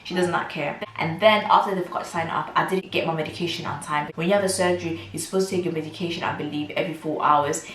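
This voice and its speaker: A woman's voice: deep voice, fairly even intonation, fast, hardly any pauses, a bit bright. A young woman telling a candid, indignant story in a casual vlog, acting out the lines of the people in it. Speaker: vlogger. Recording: roomy echo with faint ambience.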